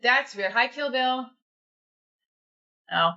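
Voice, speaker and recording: Candid, bright-voiced woman livestreaming. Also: a little high, animated, slow pace. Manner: candid and rambling, swears freely. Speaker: livestream host. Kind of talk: casual chat with live viewers. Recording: echoey room, slightly dull audio.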